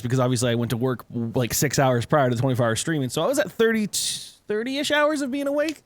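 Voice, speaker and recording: A man's voice: on the high side, sing-song, quick pace, few pauses. A man co-hosting a podcast, telling a self-mocking story with frequent laughs. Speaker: podcast co-host. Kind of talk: casual chat.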